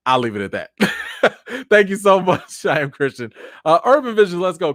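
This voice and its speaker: A man's voice: a little high, dry recording. Guy hosting a live stream, reading chat and thanking ppl, kinda worn out voice, dry close mic. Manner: animated, chatty, thanks viewers by name. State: tired, voice wearing out.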